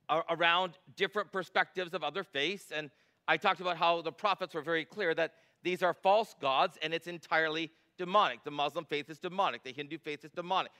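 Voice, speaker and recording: A middle-aged man preaches with a notably high, bright and forceful voice. He drives his points home with emphatic repetition and rhetorical questions, passionate but in control. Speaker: pastor. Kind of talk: sermon.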